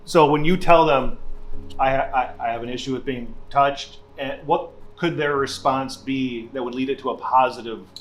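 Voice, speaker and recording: A man's voice: mid-range voice, moderate pace, slight background noise. A man leading a group discussion, asking probing questions in an encouraging way. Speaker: discussion facilitator. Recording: echoey room, mic far off.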